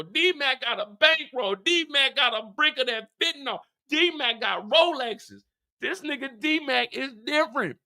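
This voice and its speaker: Man, comedic recap host, profane, mock-dramatic, bright forceful voice. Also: very high voice. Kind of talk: comedic TV episode recap rant.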